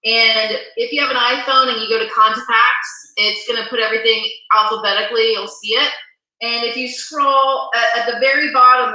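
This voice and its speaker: A woman with a slightly high, very bright, sharp voice, upbeat and instructive as she guides listeners step by step. The sound bounces heavily around a very echoey room. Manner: upbeat, instructive, walks listeners through steps. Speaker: real estate coach. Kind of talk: live town hall talk.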